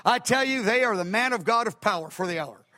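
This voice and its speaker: Older male preacher, very high bright voice, emphatic storyteller, echoey hall. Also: lively intonation, fairly quick. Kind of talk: sermon.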